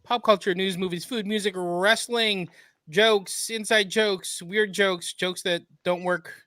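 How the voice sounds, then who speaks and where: Bright, dry-voiced male podcast co-host. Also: sits high, fairly even intonation, a little slow, no echo. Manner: self-deprecating, reads the intro with jokes. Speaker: podcast co-host reading the show intro. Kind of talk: casual chat.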